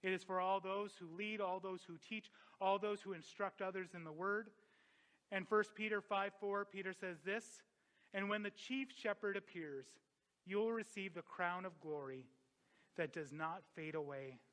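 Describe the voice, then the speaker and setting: An impassioned male pastor preaching a sermon in a high, bright, forceful voice. He swings between loud, emphatic peaks and hushed, reflective moments. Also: fairly even intonation, moderate pace.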